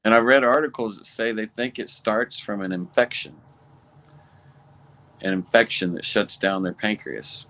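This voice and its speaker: A man co-hosting a podcast, telling stories in an easygoing, relaxed way. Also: on the low side, moderate pace. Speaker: podcast co-host. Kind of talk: casual chat.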